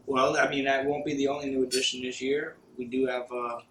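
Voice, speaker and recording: A man's voice: medium pitch, level tone, a little fast, a bit bright, a little hiss or hum. A young man co-hosting a podcast, chatting loosely and swearing as he rambles. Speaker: podcast co-host. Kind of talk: casual stoned banter. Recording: echoey room.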